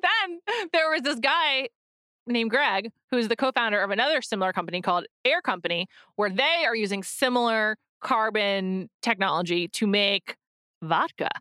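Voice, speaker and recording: A woman co-host chats casually, her voice bright and forward. She talks in bursts full of "like" fillers and quick restarts. The sound is dry and close, with no room around her. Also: a little high, animated, clear, resonant tone, dry recording. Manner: chatty, many "like" fillers and restarts. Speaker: podcast co-host. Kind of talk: casual chat. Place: in New York.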